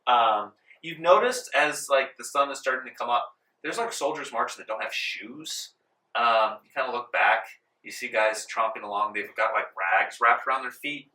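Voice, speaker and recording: A man's voice: medium pitch, normal speed, bright, forceful tone. A man narrating as game master of a tabletop game in a casual style, with plenty of "um" and "like", recorded in a library meeting room. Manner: casual, filler-heavy narration. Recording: roomy room, distant mic.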